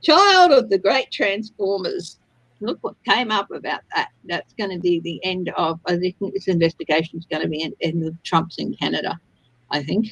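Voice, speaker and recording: A woman's voice: lowish voice, expressive, moderate pace, fairly bright tone, breathy edge, rough recording. A woman from Australia hosting a casual tarot reading livestream, chatting and laughing often. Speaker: tarot reader livestream host.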